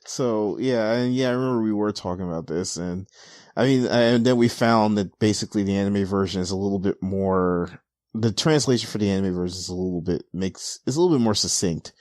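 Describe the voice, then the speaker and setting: Low-voiced man chatting on a podcast. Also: dry recording, studio quality. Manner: animated, acts out characters' lines in quick voices. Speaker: podcast host. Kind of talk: casual podcast chat recapping manga.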